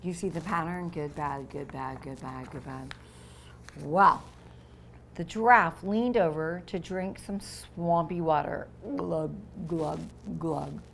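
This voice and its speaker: A woman teacher reading a picture book aloud to young children, pausing to explain words and voicing the sound effects with lively expression. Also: low-pitched, a little hiss or hum.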